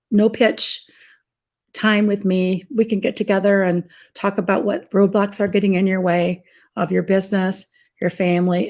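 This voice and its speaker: A woman coach talks through an informal presentation in a mid-pitched voice with a gravelly, creaky edge. She hesitates often, filling her pauses and restarting her sentences as she goes. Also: darkish tone. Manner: hesitant, many fillers and restarts. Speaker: business and life coach.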